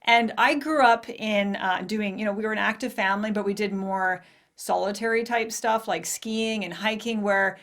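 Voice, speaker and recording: A woman's voice: medium pitch, steady tone, normal speed, fairly bright tone. A woman in her forties hosting a podcast, telling a personal story candidly, with laughs and acted-out quotes. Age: 40s. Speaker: podcast host. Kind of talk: personal monologue.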